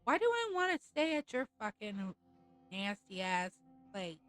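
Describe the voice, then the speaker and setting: A woman's voice: mid-range voice, sing-song, unhurried, fairly bright tone, soft background music, rough recording. A woman streamer ranting in a casual, blunt and profane way over a live game stream.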